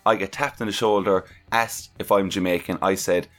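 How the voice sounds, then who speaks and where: A man's voice: deep voice, steady tone, moderate pace, a bit bright. A man co-hosting a casual podcast, telling a story in an incredulous tone and swearing freely. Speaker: podcast co-host.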